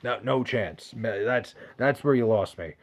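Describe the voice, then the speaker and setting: A man's voice: mid-range voice, unhurried. Profane rambling New guy. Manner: rambling, profane, restarts a lot. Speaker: podcast host reading live chat. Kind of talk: casual chat.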